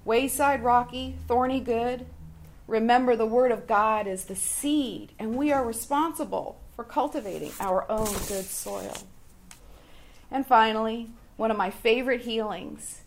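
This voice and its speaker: Slow, earnest higher-voiced woman. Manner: slow, deliberate and earnest, with pauses between phrases. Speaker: Bible study group member sharing a reflection. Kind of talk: devotional reflection.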